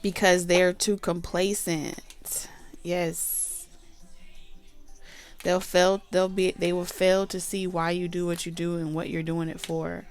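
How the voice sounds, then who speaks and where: A woman's voice: lowish voice, completely flat delivery, moderate pace, few pauses, darkish tone. A woman giving a casual tarot reading, chatty, blunt and profane. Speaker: tarot reader.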